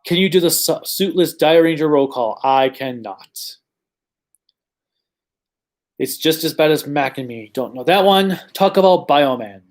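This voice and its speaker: A man's voice: a little high, lively intonation, unhurried. A man hosting a casual livestream Q&A, reading viewer questions and answering in a chatty, rambling way with frequent ums and self-corrections.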